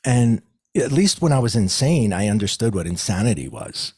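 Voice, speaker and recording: Interviewed as a guest, a middle-aged man who works as a psychic medium recounts his story at a moderate pace, with no echo. His voice is slightly rough, and he livens things up by mimicking the people he quotes in a higher pitch.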